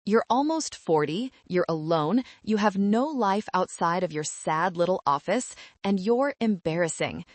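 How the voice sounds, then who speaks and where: A woman's voice: lowish voice, animated, unhurried, few pauses, no echo. A woman voicing a scornful young bride-to-be who talks down to people in a sneering, condescending way.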